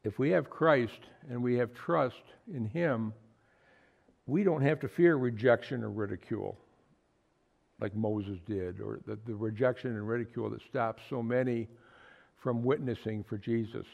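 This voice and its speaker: A man delivers an earnest sermon to a small congregation, leaning hard on repeated words for emphasis. His voice has a gravelly edge. The recording is slightly muffled and lo-fi. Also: medium pitch, steady tone, a little slow. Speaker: preacher. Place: small fellowship meeting room.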